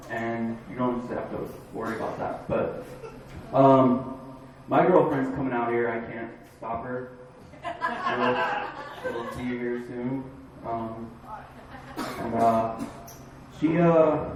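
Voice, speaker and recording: A man from Florida doing a stand-up comedy set in a dive bar, with a halting, rambling delivery full of fillers. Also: medium pitch, heavy reverb, recorded from a distance, background noise. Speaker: stand-up comic.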